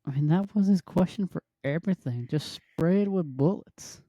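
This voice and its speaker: A man co-hosting a casual movie review chat, excitable and acting out scenes with loud yelps. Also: high-pitched, normal speed, dry recording. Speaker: podcast co-host.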